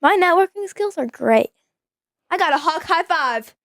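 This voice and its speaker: A teenage girl co-hosting a family podcast, chatting quickly and laughing easily. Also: very high-pitched, animated, a bit bright, dry recording, clean studio sound. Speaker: podcast co-host, daughter. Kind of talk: casual family chat.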